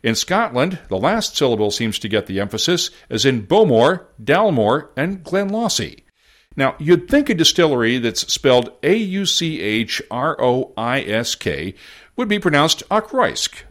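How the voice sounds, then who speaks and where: Wry, animated American podcast host. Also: male voice, mid-range voice. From United States. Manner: wry, self-deprecating. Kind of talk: scripted podcast narration.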